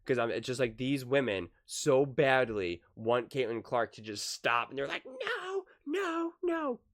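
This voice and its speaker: A man's voice: medium pitch, normal speed. A man hosting a casual basketball opinion vlog, talking with analogies and acting out quotes. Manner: lively, with acted-out quotes and analogies. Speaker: basketball commentary host.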